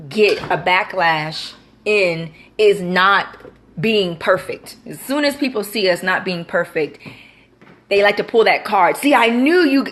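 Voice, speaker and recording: A woman's voice: a bit bright, a little hiss or hum. A young woman telling a personal faith story in casual talk, full of "you know" and acted-out quotes. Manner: conversational, many fillers like "you know"; acts out quoted lines with big pitch jumps. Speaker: Christian vlogger. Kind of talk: casual testimony.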